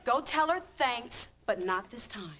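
An actress playing a sharp, sarcastic ad executive in a sitcom. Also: female voice, fairly high pitch, lively intonation, measured pace, a little hiss or hum. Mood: dry. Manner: dry, scolding, sarcastic. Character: sharp, principled woman ad executive. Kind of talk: sitcom acting.

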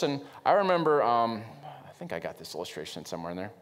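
A middle-aged man preaching from the pulpit in an average-pitched voice. He talks to the congregation with plenty of conviction, surging into loud, emphatic lines and then dropping low for asides. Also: big pitch swings, fast, a little hiss or hum. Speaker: pastor. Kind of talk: sermon.

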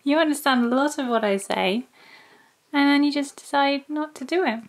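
A woman's voice: sits high, moderate pace. A woman who makes dog videos, playfully coaxing her dog through tricks and laughing often. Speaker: dog owner and video maker. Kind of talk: talking to her dog during trick training.

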